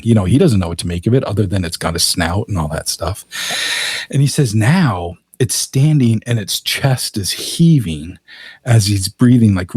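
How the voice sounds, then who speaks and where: Husky low-voiced male storyteller. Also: darkish tone, dry recording. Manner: vivid retelling, fillers like "you know". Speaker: guest storyteller, author. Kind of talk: casual storytelling.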